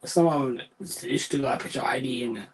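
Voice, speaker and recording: A man's voice: medium pitch, fast talker, husky, low-quality recording. A man telling work stories in a casual, profane, exasperated rant, repeating himself.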